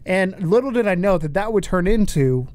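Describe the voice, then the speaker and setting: A man co-hosting a casual podcast, telling stories in a quick, animated way with frequent restarts. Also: high-pitched. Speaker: podcast co-host and interviewer. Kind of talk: casual chat.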